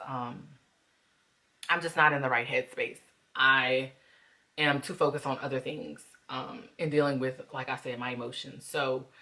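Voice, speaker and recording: A woman's voice: extremely low pitch, fairly bright tone. A woman talking openly to her viewers in a reflective vlog, calling them "y'all" as she works through her emotions. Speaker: vlogger. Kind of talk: candid reflective vlog talk.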